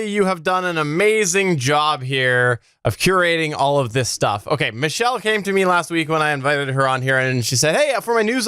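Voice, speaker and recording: A man's voice: fairly high pitch, pushed and bright, clean tone, no echo, clean studio sound. A man hosting a podcast, joking and upbeat in casual chat. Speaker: podcast host.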